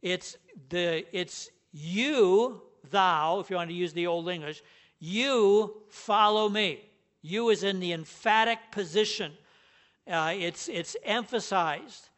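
A man's voice: sits high, unhurried, fairly bright tone. A man preaching a sermon as pastor, earnest and emphatic, leaning hard on the key words.

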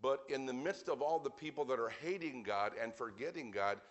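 A man preaching an evening sermon as pastor, speaking earnestly and plainly, with wry asides, and reading scripture slowly and weightily. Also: mid-range voice.

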